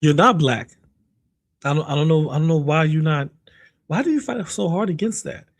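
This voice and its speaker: A man's voice: fairly high pitch, lively intonation, a little fast, creaky, a little mellow. Laid-back man hosting a live stream. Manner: laid-back, greets chat by name, trails off mid-sentence. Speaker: streamer host reacting to clips. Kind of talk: casual live-stream commentary.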